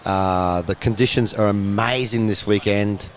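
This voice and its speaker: A man's voice: lowish voice, steady tone, a little slow, slight background noise. A man commentating live on a pool match, chatty and explaining the play to viewers.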